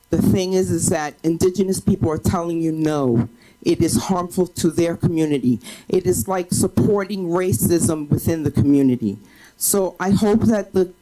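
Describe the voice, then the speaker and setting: Low-pitched woman, public commenter; earnest, pointed delivery with hesitations. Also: warm tone. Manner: earnest, pointed, with frequent ums. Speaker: public commenter at a school board meeting. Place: school board meeting room.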